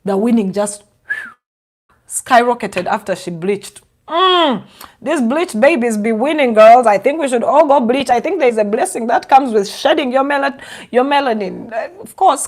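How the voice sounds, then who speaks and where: A young woman from Uganda, a vlogger giving sarcastic casual commentary with a lot of laughing. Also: high voice.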